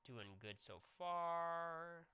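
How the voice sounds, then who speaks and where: A young man streaming, chatting casually with viewers and telling a jokey, animated story. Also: fairly high pitch, extremely slow, smooth.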